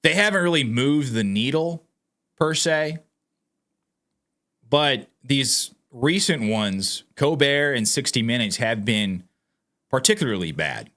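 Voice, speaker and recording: A man with a bright, ringing voice delivers sarcastic commentary and speaks straight to his viewers. His pitch swings widely and he sounds animated throughout. It has the easy, casual feel of a vlog. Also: takes it slowly. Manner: sarcastic, mocking; animated, addresses viewers directly. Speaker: political commentator.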